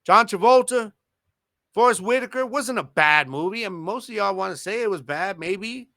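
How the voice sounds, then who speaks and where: A man's voice: high voice, animated, normal speed, gravelly, sharp tone, no room sound, studio quality. A man in his thirties hosting a podcast, talking in laid-back, slangy banter and laughing often. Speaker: podcast host. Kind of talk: casual chat.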